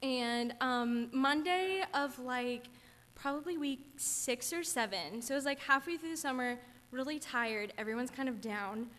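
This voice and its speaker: A woman's voice: high voice, a little slow, a bit bright. A young woman, a camp counselor, earnestly and chattily sharing a personal testimony in church. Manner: earnest, chatty, gets teary. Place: church sanctuary. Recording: church hall reverb.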